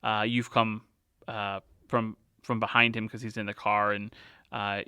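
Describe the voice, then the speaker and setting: A male podcast host recaps his guest's story and asks follow-up questions, pausing often between phrases. His voice is bright and crisp. The sound is close and dry. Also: on the low side, flat delivery, dry recording. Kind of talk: interviewing a guest.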